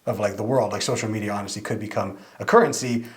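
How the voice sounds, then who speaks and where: A man's voice: fairly low pitch, fast. A man co-hosting a casual podcast, explaining at length and often saying "like". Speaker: podcast co-host.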